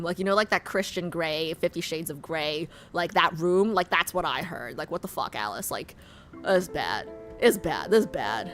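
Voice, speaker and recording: A young woman streaming a game, chatting casually and excitably, swearing and filling with "like". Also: fairly low pitch, moderate pace, soft background music. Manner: excitable, swears a lot, fills with "like". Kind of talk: casual gameplay commentary.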